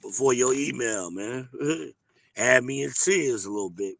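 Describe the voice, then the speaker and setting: A hoarse man, hosting an advice show and talking bluntly and emphatically. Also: mid-range voice, lively intonation, measured pace, fairly bright tone, slight background noise. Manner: emphatic, preachy, blunt with cursing. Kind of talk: casual advice monologue.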